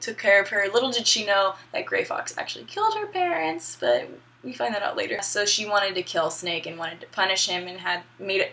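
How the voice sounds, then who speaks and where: A woman's voice: mid-range voice, creaky, bright, forceful tone. A young woman casually recapping a video game story, chatty and upbeat with some swearing. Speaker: gaming video host.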